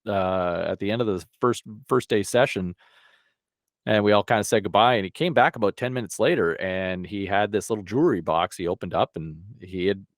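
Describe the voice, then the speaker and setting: A man's voice: on the low side, fairly quick, no room sound. Male sportscaster telling stories, dry close sound. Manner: animated, acts out quotes with lively voice shifts. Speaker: sports broadcaster and game commentator guest. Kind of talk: casual storytelling in a podcast.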